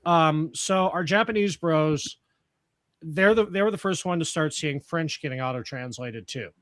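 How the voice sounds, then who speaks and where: A man's voice: on the high side, moderate pace, fairly bright tone, no room sound. Rambling, profane man on a dry mic. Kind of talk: casual chat.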